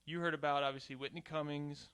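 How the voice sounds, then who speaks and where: A man's voice: fairly high pitch, steady tone, fast talker, a bit bright, clean tone. A man hosting a podcast from a home garage studio, talking in a loose, rambling way and swearing casually. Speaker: podcast host. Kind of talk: casual chat.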